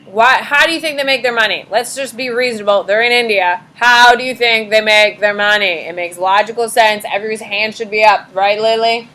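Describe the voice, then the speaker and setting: A woman's voice: fairly high pitch, a little fast, few pauses, bright, forceful tone, rough recording. Chatty, sarcastic woman teaching a class. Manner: chatty, sarcastic, swears casually. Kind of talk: casual classroom lecture.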